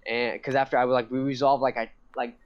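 A young man rambles through a casual story, animated and profane, laughing often. His medium-pitched voice is fast and clean, though the recording has a dull lo-fi quality.

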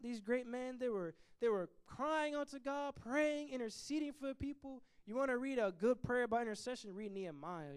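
A man leading a Bible study, teaching in an animated way and acting out biblical figures in quick asides. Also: sits high, smooth.

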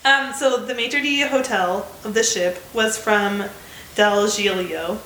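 A woman's voice: mid-range voice, slow, a bit bright, reverberant, a little hiss or hum, poor audio. A woman in her twenties with an American accent, co-hosting a casual podcast chat, talking loosely with lots of filler words. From United States. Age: 20s. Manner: chatty, many fillers. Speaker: podcast co-host.

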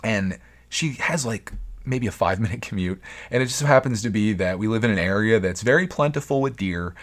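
A young man talks through his solo podcast in a loose, earnest way, circling back and restarting his sentences. His voice sits a little lower than most men's. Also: lively intonation, brisk. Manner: rambling, earnest, frequent restarts. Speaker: podcast host. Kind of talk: casual solo podcast talk.

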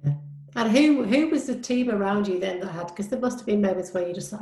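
A woman's voice: mid-range voice, a little fast, warm tone. A woman hosting an interview, asking questions in an encouraging, casual way. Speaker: interview host. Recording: roomy echo.

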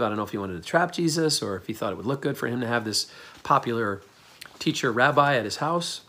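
A man preaching a sermon, telling a scripture story in a lively storytelling way and acting out the people in it. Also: mid-range voice. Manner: animated storytelling, acts out quoted voices. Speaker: pastor.

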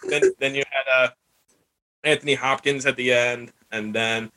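In a casual chat show, a man rambles and laughs while re-enacting scenes in assumed voices. He speaks at a moderate pace in a mid-range, steady, bright and forceful voice.

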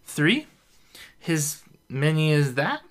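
A woman's voice: deep voice, big pitch swings, slow, voice pushed up, exaggerated voice. A man voicing a tipsy, giggling young woman who talks in a slurred, singsong way for a story reading.

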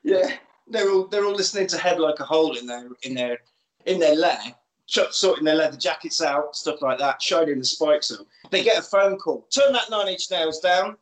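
Male co-host, lively storyteller, slightly higher voice, roomy echo. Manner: animated, acts out lines in quick put-on voices. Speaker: podcast co-host. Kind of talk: casual chat, retelling a film. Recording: echoey room.

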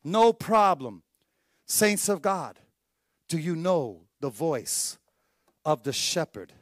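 A man preaching a sermon as pastor, telling stories with lively acted-out voices and dropping to a hushed tone for emphasis. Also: a little high, slow pace, no echo, clean studio sound. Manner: animated storytelling preacher, acts out voices in anecdotes.

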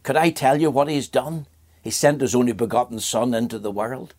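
A man's voice: medium pitch, steady tone, a little fast, a little mellow. An older man from Ireland preaching a sermon in an earnest voice, asking rhetorical questions and repeating phrases.

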